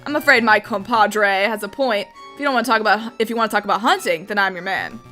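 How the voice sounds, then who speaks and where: A woman's voice: mid-range voice, fast, bright, forceful tone, soft background music, lightly acted. A woman voicing a blunt middle-aged male hunter in a game, curt and matter-of-fact. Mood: dismissive.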